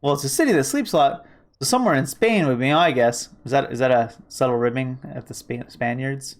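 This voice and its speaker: A man's voice: mid-range voice, fast talker, faint music behind. A man streaming a game, reading its lines aloud and adding wry, joking asides. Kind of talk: casual game reading with commentary.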